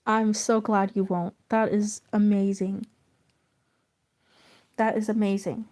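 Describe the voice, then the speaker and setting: A woman streaming while she draws, chatting casually and gently encouraging her viewers. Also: mid-range voice, flat delivery, slow pace. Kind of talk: casual chat.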